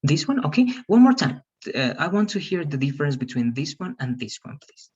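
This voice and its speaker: A man teaching English pronunciation in an online class, patiently explaining and modeling words slowly. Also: a little high, sing-song, a little mellow, breathy edge, highs cut off.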